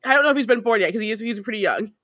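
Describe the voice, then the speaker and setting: A woman's voice: a little high, expressive, rapid-fire, fairly bright tone, no echo, clean studio sound. A woman co-hosting a casual podcast, making wry, blunt jokes about a show. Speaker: podcast co-host. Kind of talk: casual chat.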